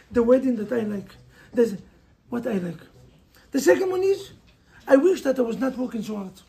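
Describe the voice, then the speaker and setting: High gravelly Israeli rabbi preaching. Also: male voice, dark tone. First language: Hebrew. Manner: emphatic, preaching directly to listeners with rhetorical questions. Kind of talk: motivational sermon.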